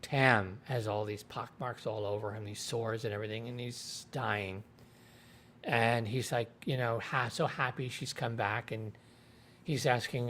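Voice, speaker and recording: A man's voice: medium pitch, a little slow, fairly bright tone. A man hosting a livestream, casually retelling a TV episode in a rambling way and quoting the characters. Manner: rambling retelling with quoted voices. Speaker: show reviewer.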